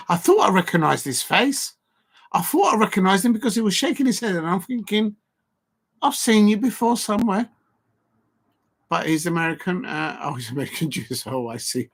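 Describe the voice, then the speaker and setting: A middle-aged man, chatting excitedly over a live football match on his stream and reading out comments from the chat. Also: a little high, fairly quick. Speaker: football watch-along streamer. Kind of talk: live watch-along commentary.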